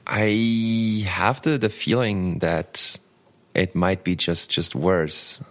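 Very deep voiced guy, guest on a podcast, stops and restarts a lot, dry jokes. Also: fairly even intonation, slow, fairly bright tone. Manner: hesitant, many fillers and restarts, wry. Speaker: podcast guest, designer in tech. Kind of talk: casual tech podcast chat.

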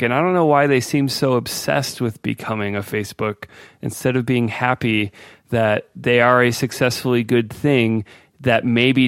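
Smooth-voiced man chatting casually. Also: medium pitch, no room sound, studio quality. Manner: relaxed, laughs easily, mimics voices. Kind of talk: casual tech discussion.

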